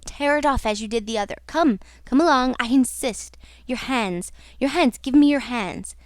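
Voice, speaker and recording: Woman voicing a furious anguished masked man, roaring and hissing, audiobook, fairly high voice, dry close sound. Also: normal speed, no room sound, close to an everyday voice. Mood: taunting. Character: raging tormented masked man, monstrous and grieving.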